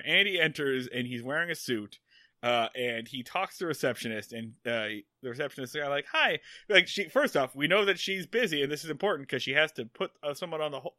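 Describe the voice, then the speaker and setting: Lively, bright-voiced man retelling a plot. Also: a little high, dry recording, clean studio sound. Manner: storytelling, acts out character lines. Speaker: podcast co-host. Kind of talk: casual recap chat.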